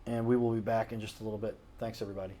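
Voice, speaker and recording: A man's voice: on the low side, level tone, racing, warm tone. Man, show host, casual talk to camera, rambling, earnest, self-correcting, home studio. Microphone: camera mic, self-recorded.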